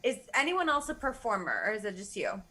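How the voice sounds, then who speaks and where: A woman co-hosting a casual live-stream chat, teasing the guest, laughing often and firing quick questions. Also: mid-range voice, very animated, bright, forceful tone. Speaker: co-host.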